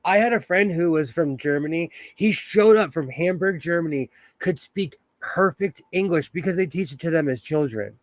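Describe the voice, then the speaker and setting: A man's voice: fairly high pitch, moderate pace, few pauses, dry recording. A man hosting a casual sewing livestream, chatting and reading comments while he works, laughing often. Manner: chatty, laughs often, reads chat aloud.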